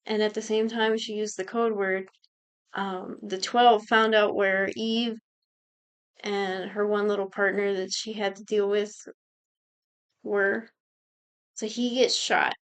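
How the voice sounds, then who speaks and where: A young woman co-hosting a podcast, casually retelling a TV plot in an animated, profane way. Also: mid-range voice, slow pace, pauses often, clean tone. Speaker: podcast co-host recapping a show. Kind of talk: casual chat.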